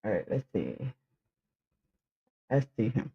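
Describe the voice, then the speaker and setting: A man's voice: lowish voice, big pitch swings, slow pace, vocal fry, husky, dull audio. A man streaming and reacting to clips, rambling with many fillers and laughing along. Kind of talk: casual reaction chat.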